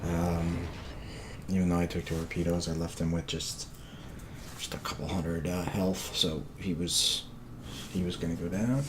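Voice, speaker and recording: A very deep-voiced man talks through a replay of his match in a relaxed, halting way, often pausing on "uh" and "um". He sounds a little tired. A steady hiss of noise sits under his voice. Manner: relaxed, hesitant, many fillers. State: tired, yawning. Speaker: gameplay commentator. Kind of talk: game replay commentary.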